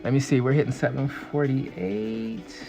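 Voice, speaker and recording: A man casually chatting and rambling excitably on a livestream while he draws. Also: mid-range voice, unhurried, creaky, music in the background. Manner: rambling and excitable, full of fillers. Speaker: artist streaming a drawing session.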